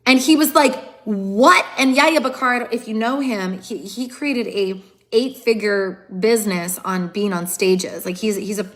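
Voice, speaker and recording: A woman's voice: medium pitch, unhurried. Earnest woman giving a motivational talk. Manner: earnest, emphatic, repeats phrases for emphasis. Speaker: motivational speaker. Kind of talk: live-streamed motivational talk. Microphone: phone.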